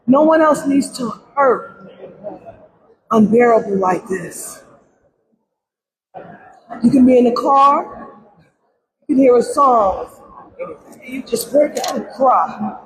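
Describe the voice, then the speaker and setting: In a low-quality recording with a crowd audible around her, a grieving middle-aged grandmother addresses a press conference. Her slightly high, animated voice moves slowly with frequent pauses as she pleads in tears and repeats herself often.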